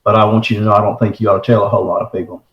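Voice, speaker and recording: A man voicing his worried mother as she gently questions her teenage son, in a roomy-sounding recording. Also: on the low side, level tone, racing, dull audio, close to an everyday voice. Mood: cautious.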